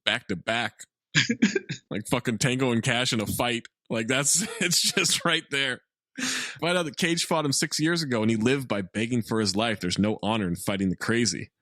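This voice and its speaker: A man's voice: medium pitch, normal speed, sharp tone, no echo, clean studio sound. A man co-hosting a comedy podcast, wryly recapping a film and laughing often. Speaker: podcast co-host.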